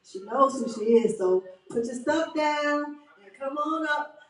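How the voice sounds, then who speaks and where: A woman's voice: sits high, animated, a little slow. Author from Chicago, a woman, earnest and rousing, heard from a distance in an echoey hall. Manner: earnest and rousing, addresses the crowd as y'all. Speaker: author hosting her book launch. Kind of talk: speech at a book reception. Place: event hall at a book reception. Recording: echoey hall, mic from a distance, faint ambience.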